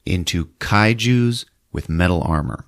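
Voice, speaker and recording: A man with a very low voice hosts a comedy podcast, retelling a film's plot with loose, animated energy. He keeps breaking into squeaky put-on voices for the characters. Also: unhurried. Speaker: podcast host recapping a movie. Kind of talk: comic movie recap.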